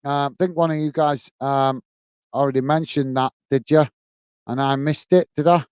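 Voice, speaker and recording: A British man hosts a live football watch-along stream, calling the match, reading out viewers' comments and thanking them by name. His fairly high, darkish voice has a clean tone and fairly even intonation at a moderate pace, recorded dry. The friendly banter is full of fillers and restarts.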